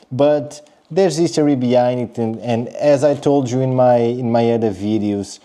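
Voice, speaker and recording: A young man talks casually through a sneaker review, addressing his viewers directly. His voice is very dark and mellow, pitched in a middle range. He keeps checking in with a quick "okay?" and often restarts his phrases.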